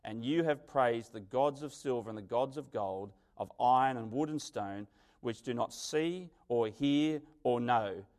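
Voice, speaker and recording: A man preaching a sermon, telling stories with dramatic swings from loud to quiet. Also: mid-range voice, measured pace. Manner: animated storytelling, dramatic swings in loudness.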